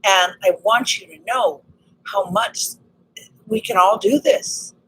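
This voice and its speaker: A woman with a slightly raspy voice talks excitedly and earnestly in a casual personal vlog about healing. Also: mid-range voice, takes it slowly, slight background noise, rough recording. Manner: earnest, excited, spiritual self-help talk. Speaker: vlogger.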